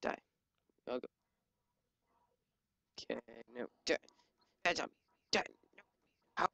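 A gaming channel host giving excitable live commentary while playing, yelping and joking at enemies. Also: mid-range voice, moderate pace, long pauses, no echo. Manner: excitable, yelps and jokes at enemies. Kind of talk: live let's-play commentary.

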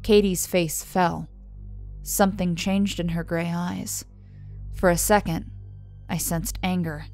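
A woman narrating a first-person horror story in a measured, scripted delivery, letting her voice fall softly on the tags. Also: on the low side, steady tone. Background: soft music.

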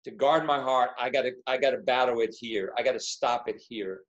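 A man's voice: medium pitch, fairly quick, dull audio. A man, a pastor, speaking earnestly over a video call, often repeating words and restarting phrases. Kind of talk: casual video-call conversation.

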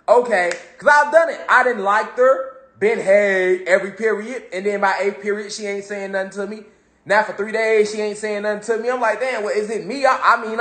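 A man giving a casual motivational talk about spirituality. He is animated, streetwise and profane, and keeps asking his listeners questions. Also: very high voice, echoey room. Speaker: spiritual speaker.

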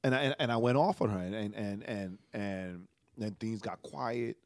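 A man's voice: fairly low pitch, normal speed, darkish tone, no echo, clean studio sound. A man, a pastor co-hosting a podcast, telling a personal story with feeling and tagging his lines with "right?". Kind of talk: casual conversation.

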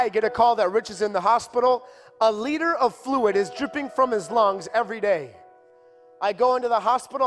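A man preaching a sermon in a church, telling a personal story with deep emotion and building to impassioned pleading. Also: fairly bright tone, big-room sound.

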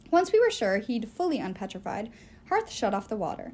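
A woman reading a novel aloud as the first-person narrator, in an expressive storytelling way. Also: fairly high pitch, a little fast. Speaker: audiobook reader.

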